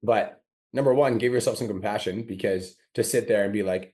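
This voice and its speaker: A podcast host still recovering from a sore throat delivers a blunt, profane motivational monologue, acting out his own inner complaints. His voice is low, expressive and mellow, and he talks fast.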